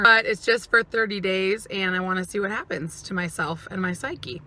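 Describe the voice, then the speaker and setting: A woman's voice: medium pitch, pushed and bright. A woman vlogger talking casually and emotionally to camera, acting out what others said. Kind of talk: casual vlog monologue.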